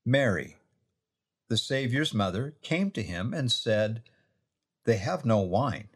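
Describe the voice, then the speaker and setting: A man telling a devotional scripture story in an earnest way, reading the quoted verses slowly and softly. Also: medium pitch, expressive, breathy edge.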